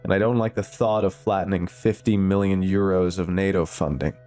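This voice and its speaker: Man playing a gruff German-accented general, humorless, blunt, low dark voice, storybook horror reading. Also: fairly even intonation, a little fast, faint music behind, lightly acted. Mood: skeptical. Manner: skeptical, blunt. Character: stern bearded male army general, humorless.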